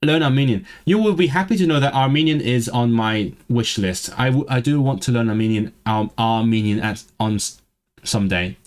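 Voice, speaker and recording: A man's voice: medium pitch, moderate pace. A man streaming live, chatting casually with a vaguely southern British accent and many stumbling restarts. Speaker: language-learning streamer. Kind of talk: casual livestream chat. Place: lives in northwest England.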